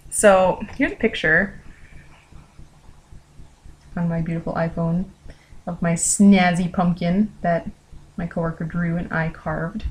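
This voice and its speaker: A young woman from the United States telling a story in a casual vlog, animated and full of "like" fillers. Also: lowish voice, slight background noise, rough recording. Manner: animated, with lots of "like" fillers and gasps. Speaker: vlogger.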